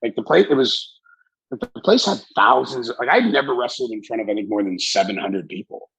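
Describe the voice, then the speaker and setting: A man's voice: medium pitch, lively intonation, fairly quick, creaky, a bit bright, breathy edge, poor audio. A man in his forties, a guest telling stories in an interview and acting out the people in them with casual swearing. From Canada. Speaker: wrestling executive and guest. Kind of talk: animated storytelling in an interview.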